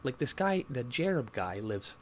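A man giving casual, rambling commentary, often laughing and mocking, who jumps into a higher voice to mimic people he disagrees with. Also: big pitch swings, normal speed, a little hiss or hum. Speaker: political commentary vlogger.

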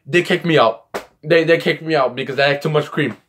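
A young man rambling through casual vlog tips with animated storytelling. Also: on the high side, a little fast, a little hiss or hum. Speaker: YouTuber giving comedy tips.

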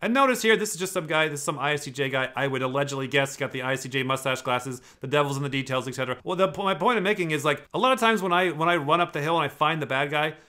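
Fast, bright-voiced man ranting. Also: on the high side. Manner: swearing, rambling, animated. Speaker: host. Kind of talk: casual commentary.

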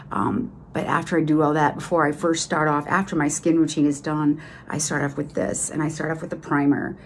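A woman's voice: low voice, slight background noise. A middle-aged woman with a Boston accent, chatting enthusiastically through a casual makeup tutorial with lots of fillers. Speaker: beauty vlogger.

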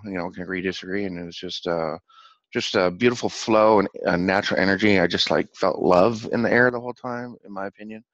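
Excitable, rambling man with a low voice. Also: no room sound. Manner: rambling, excitable, laughs often, repeats words. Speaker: channel host. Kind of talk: casual vlog recap. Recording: dull lo-fi dry recording.

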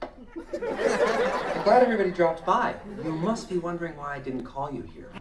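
An actor playing a wisecracking, sarcastic masked mercenary. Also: male voice, fairly high pitch, sing-song, moderate pace, roomy sound, heavy background noise. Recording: film audio from far off in a cinema with crowd and music.

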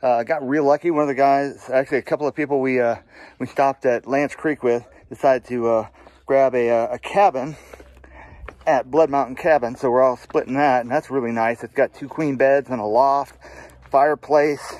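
A man's voice: mid-range voice, steady tone, moderate pace, darkish tone. A man vlogging outdoors while hiking, talking casually to his viewers, out of breath, with lots of fillers. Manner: chatty, addresses viewers as guys, many fillers. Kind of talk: casual outdoor vlog narration. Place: outdoors on a mountain trail.

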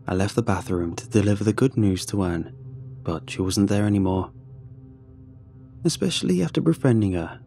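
A man reading a first-person horror story in a scripted, even, conversational narration. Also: fairly low pitch, vocal fry.

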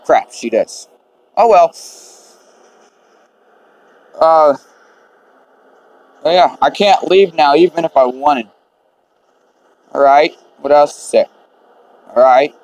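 Relaxed male let's-player, slightly high voice, slow and muttering. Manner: laid-back, muttering to himself. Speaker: gamer. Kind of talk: let's play commentary.

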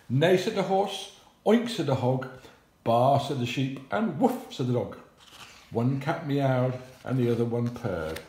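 A man's voice: on the low side, dark tone, reverberant, a little hiss or hum. An older man, a grandfather, reading a rhyming picture book aloud in a sing-song way with animal noises.

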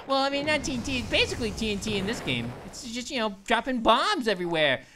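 A woman voicing an excitable, goofy cartoon grape who gives let's-play commentary as a gaming channel host. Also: fairly high pitch, fast, slight background noise. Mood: excited. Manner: excitable, exclaims and laughs, cartoonish.

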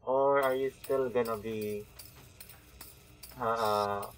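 A man streaming a game, chatting casually with viewers, excitable with sudden yelps, his voice slightly muffled by a mask. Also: medium pitch, very slow, soft background music. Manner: excitable, greets chat viewers by name, bursts of yelps. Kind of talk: casual live-stream chat while gaming.

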